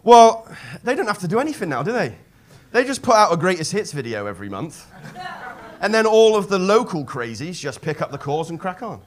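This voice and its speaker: A man doing a live stand-up set on a comedy club stage, deadpan asides into a handheld mic. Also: high voice, a little fast.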